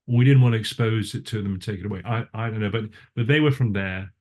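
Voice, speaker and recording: An older cinematographer tells stories in a casual interview, talking fast in a lowish male voice. He rambles, interrupts himself, and keeps restarting and wandering into asides.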